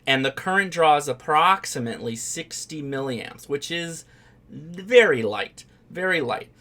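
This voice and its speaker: A man's voice: a little high, animated, unhurried, bright, forceful tone. A man hosting a ham radio live stream, chatting casually and rambling with fillers and restarts.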